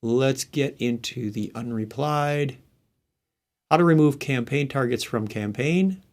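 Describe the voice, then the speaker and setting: During a casual live tech stream, a man shares his screen and walks through each step, thinking aloud as he types and drifting into muttered asides. He has the hiccups, speaks unhurriedly, and his pitch is mid-range for a man.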